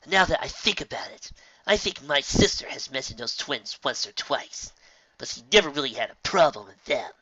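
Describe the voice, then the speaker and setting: A man voicing a nervous young filly pony in an audiobook reading, anxious and hushed. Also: medium pitch, lively intonation, normal speed, husky, no echo, lo-fi sound, voice pushed up. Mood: wary.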